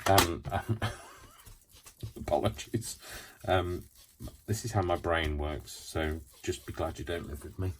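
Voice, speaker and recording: A very low-pitched man talks through a craft demonstration at a home craft table. He is chatty and rambling, breaking off into joking asides about himself. A faint hiss sits behind his voice. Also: unhurried. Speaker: craft tutorial host.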